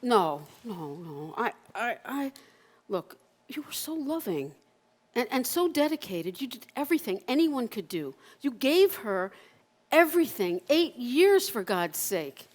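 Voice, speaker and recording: An older woman in her sixties delivers a solo stage monologue with a somewhat high voice. She speaks slowly and deliberately, raw and emotional, stumbling over repeated words and breaking into curses. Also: sing-song. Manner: raw and emotional, halting repetitions and swearing. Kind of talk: autobiographical one-person stage monologue. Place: live performance at a community center.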